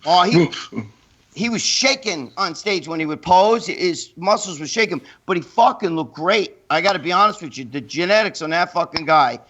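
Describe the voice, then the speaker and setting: A man's voice: high-pitched, animated, moderate pace, a bit bright. Blunt New York man in his fifties. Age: 50s. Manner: blunt, profane storyteller. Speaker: guest. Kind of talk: casual panel chat.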